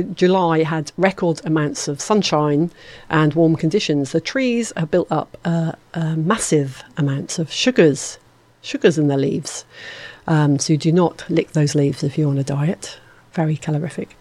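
Low-voiced chatty radio host woman. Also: a little slow, a little mellow, no echo. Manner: chatty and playful, jokes at herself. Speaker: radio presenter. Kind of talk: casual radio chat. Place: radio studio.

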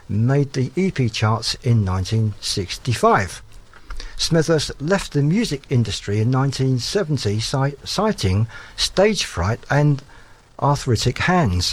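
A man's voice: medium pitch, breathy edge. Chatty male music show host. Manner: relaxed and self-deprecating, with frequent fillers.

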